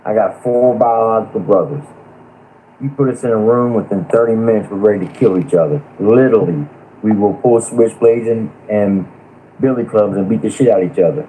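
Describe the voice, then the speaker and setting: Man, low voice, blunt, profane, lecturing, live-stream rant, faint hiss. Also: brisk, dark tone, poor audio.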